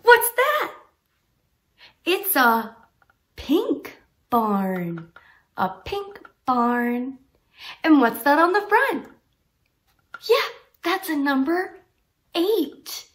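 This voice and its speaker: A young adult woman teaching toddlers in a slow, sing-song way, with exaggerated encouragement and lots of praise. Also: high-pitched, big pitch swings.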